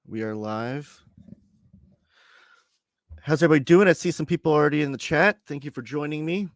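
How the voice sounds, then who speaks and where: A man in his thirties hosting a live stream from home, chatting casually and reading out viewer comments in a relaxed, rambling way. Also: on the high side, brisk, vocal fry, no room sound, clean studio sound. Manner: relaxed, rambling, reads chat messages aloud. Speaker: host. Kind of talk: casual livestream chat.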